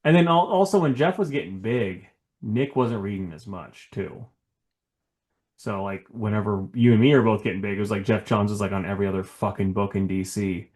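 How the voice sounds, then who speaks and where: A man's voice: lowish voice, brisk, darkish tone. A man co-hosting a podcast, chatting casually about comics. He rambles through his points with plenty of "like" and "you know," often breaking into a laugh. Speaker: podcast co-host. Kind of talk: casual chat.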